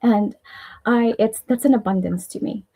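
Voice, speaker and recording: A woman's voice: a little high, moderate pace, dark tone, breathy edge, poor audio. A woman with a Filipino accent hosting a casual live stream, chatty and earnest as she shares personal affirmations, rambling a little with restarts and small laughs. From Philippines.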